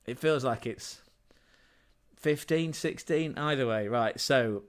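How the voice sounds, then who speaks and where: An adult dad who hosts a channel livestreams in a medium-pitched voice at a slow pace, rambling casually off the cuff. He's scatterbrained and prone to digressions, pokes fun at himself, chuckles often, and keeps restarting his sentences.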